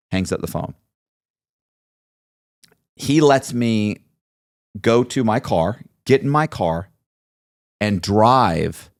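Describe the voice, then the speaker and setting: A man's voice: lowish voice, no echo, studio quality. A man guest in an interview, telling a long story and acting out the voices of others in it. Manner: animated storyteller, acts out quoted voices. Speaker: podcast guest.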